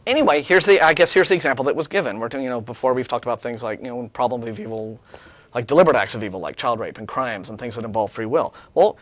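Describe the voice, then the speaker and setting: A man's voice: mid-range voice, fast talker, no echo. A man co-hosting a talk show, reading out an email and tearing it apart with sarcasm, often restarting his sentences. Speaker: co-host. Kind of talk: casual chat, reading and rebutting an email.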